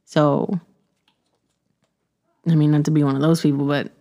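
A woman's voice: low voice, level tone, normal speed, dark tone. Ranting middle-aged woman podcaster. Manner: ranting, blunt, laughs often. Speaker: podcast host. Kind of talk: casual chat.

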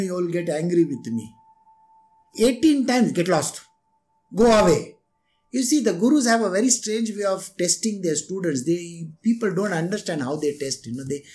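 A spiritual teacher giving a devotional discourse, telling stories with lively emphasis and rhetorical questions. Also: male voice, high-pitched, moderate pace. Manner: animated storytelling with rhetorical questions.

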